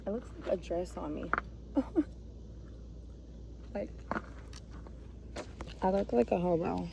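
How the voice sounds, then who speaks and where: A woman's voice: on the low side, slow, vocal fry, noisy background. A young woman chatting casually and rambling in a vlog about living in her car, recorded on a propped-up phone. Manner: rambling and emotional, lots of "like" and "y'all".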